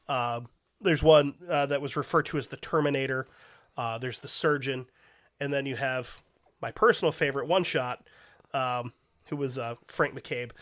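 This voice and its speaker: A man's voice: mid-range voice, fairly bright tone. A man hosting a podcast, telling a story in casual, profanity-laced chat that rambles and doubles back. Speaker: podcast host.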